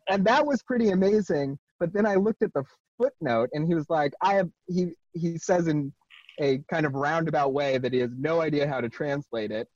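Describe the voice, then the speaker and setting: A man chatting casually as a co-host, animated and laughing often as he acts out quotes. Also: fairly high pitch, brisk, no echo. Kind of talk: casual discussion. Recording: dry, dull lo-fi sound.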